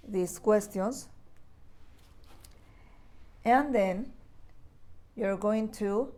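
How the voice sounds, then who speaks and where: A woman's voice: mid-range voice, a little mellow. A woman teaching English grammar to young children, talking patiently and repeating key words with frequent checks. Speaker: primary school English teacher. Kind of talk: recorded class lesson for children.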